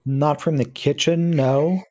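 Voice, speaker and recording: A man narrating a tabletop game as game master, describing scenes in a halting way. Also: a little high, steady tone, a little mellow.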